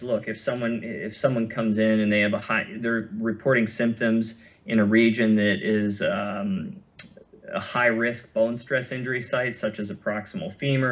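A man as an interview guest, explaining running injuries in a thoughtful, conversational way with many fillers and restarts, heard over a remote call. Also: on the low side. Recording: muffled lo-fi audio.

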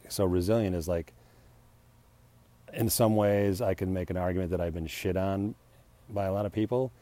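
A man's voice: deep voice, mellow, no echo. A man musing aloud in a solo podcast, rambling and self-deprecating, restarting his sentences and laughing at himself. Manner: acts out heated retorts, laughs often. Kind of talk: rambling personal reflection.

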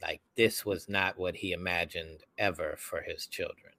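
A young adult man co-hosting a podcast, telling a personal story in casual chat and acting out the people he quotes in loud voices. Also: deep voice, moderate pace. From United States. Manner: animated, acts out quoted voices loudly. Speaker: podcast co-host.

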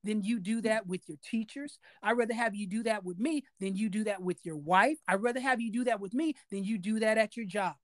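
A man's voice: sits high, fairly quick, hardly any pauses, no room sound. A man hosting a podcast interview, talking emphatically in a casual way and repeating key phrases for weight. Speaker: podcast host.

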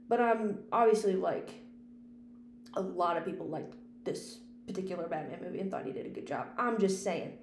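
A woman talks through her podcast in a loose, rambling, chatty way, dropping casual swear words as she goes. Her voice sits at an ordinary middle pitch for a woman. It was recorded in an echoey room with a faint hum underneath. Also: darkish tone. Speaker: podcast host and film critic. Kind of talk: casual unscripted podcast chat.

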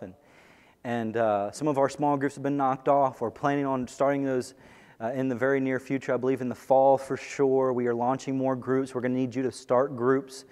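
Man preaching in an echoey hall. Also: mid-range voice. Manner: earnest, building to excited bursts. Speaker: pastor. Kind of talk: sermon. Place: church sanctuary. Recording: long echo of a large hall.

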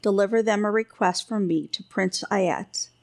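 A woman's voice: mid-range voice, normal speed, gravelly, natural voice. A woman voicing a blunt, impatient old king who grumbles and gives orders, in a storybook reading. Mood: commanding. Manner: grumbling, then commanding orders.

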